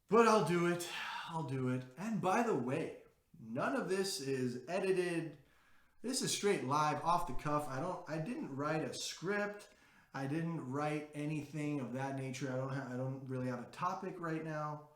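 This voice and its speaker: A man hosting a podcast in a brash, profane, excitable unscripted monologue. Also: a little high, roomy sound. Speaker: podcast host.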